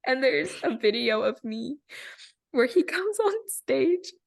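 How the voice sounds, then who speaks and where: A young woman co-hosting a podcast, chatting casually and telling animated stories with frequent giggles. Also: high voice, slow, gravelly. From rural area. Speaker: podcast co-host. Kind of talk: casual chat.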